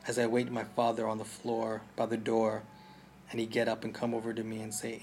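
A man's voice: fairly low pitch, completely flat delivery, brisk, a little mellow, a little hiss or hum. A man with a Jamaican accent narrating a story in first person, intense and vivid, voicing the sounds of gunfire. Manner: intense, mimics gunshot sounds. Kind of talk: audiobook narration.

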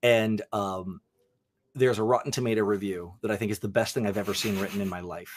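A man's voice: on the low side, fairly even intonation, brisk, no echo. Young guy rambling about movies, jokey, lots of ums, dry close mic. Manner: enthusiastic, joking, rambling with fillers. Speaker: podcast host. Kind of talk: casual movie chat.

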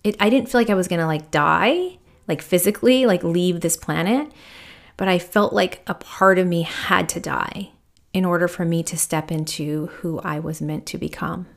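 A woman's voice: on the low side, normal speed, gravelly. A woman in her thirties, a podcast host and spiritual medium, telling a personal story in a candid, reflective way with many fillers. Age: 30s.

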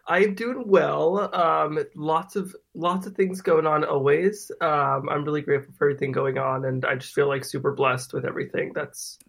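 A man's voice: on the high side, fairly even intonation, moderate pace, vocal fry, hardly any pauses, fairly bright tone, slightly rough. A young man in his late teens with an American accent, a guest chatting casually on a podcast with lots of fillers. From New Jersey, US. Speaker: guest cook.

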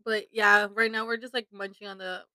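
Bright-voiced young woman podcast co-host. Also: mid-range voice, level tone, a little fast, dry recording, low-quality recording. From Toronto, Canada. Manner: laughs often, eats while talking, swears casually. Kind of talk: casual podcast chat.

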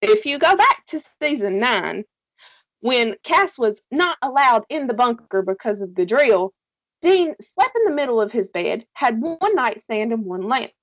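A woman's voice: on the high side, sing-song, unhurried, fairly bright tone, no room sound. A woman casually recapping a TV series with a co-host, telling it animatedly, swearing freely and laughing often. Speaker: podcast co-host.

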